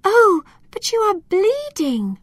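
A woman doing a high, kind young girl. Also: animated, unhurried, fairly bright tone, dry recording, full character voice. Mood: worried.

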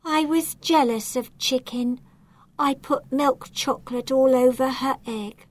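A woman voicing a jealous, remorseful rabbit in a children's storybook, contrite and soft. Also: sits high, measured pace, voice pushed up. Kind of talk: storybook character voice.

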